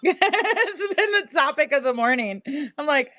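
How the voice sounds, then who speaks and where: A woman's voice: high-pitched, expressive, unhurried, bright, forceful tone, dry recording, soft background music. A woman hosting a casual live-stream sale from home. She is chatty, laughs a lot, and talks to both her viewers and her pet. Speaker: live-stream seller and host.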